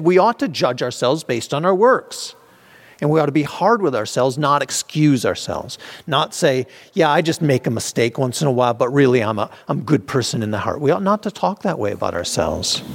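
A man leading an informal Bible study, talking conversationally with restarts and acting out the voices people use to excuse themselves. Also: a little high. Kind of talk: informal teaching.

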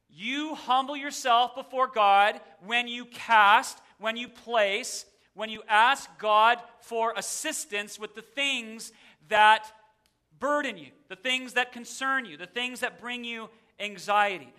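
Male pastor, high bright voice, emphatic sermon delivery in a church. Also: slow, smooth. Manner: emphatic preaching, repeating a verse with shifting emphasis. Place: church sanctuary.

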